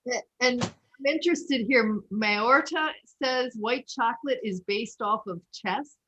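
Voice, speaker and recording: A woman's voice: fairly high pitch, slow, fairly bright tone. A woman moderating a live online class, politely cutting in to pass along questions from the chat.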